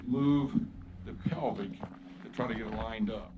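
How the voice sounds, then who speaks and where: A man's voice: fairly low pitch, unhurried, highs cut off. A man working as a horse chiropractor, explaining his work in a rambling, casual way while soothing the horse between remarks. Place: outdoors with a horse. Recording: noisy outdoor recording.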